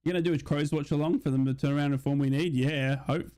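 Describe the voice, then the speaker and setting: A young man hosting a live football watch-along, chatting casually and reading out viewer shout-outs. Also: fairly high pitch, fairly even intonation, quick pace, clear, resonant tone. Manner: chatty, reads out chat messages and shout-outs. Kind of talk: casual live-stream chat and mock commentary.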